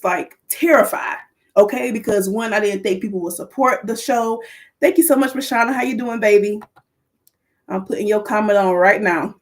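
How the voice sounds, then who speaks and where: Woman podcast host, lively, excited live-stream chat. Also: mid-range voice, normal speed. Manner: lively, excited, calls to the audience. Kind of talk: livestream chat to viewers.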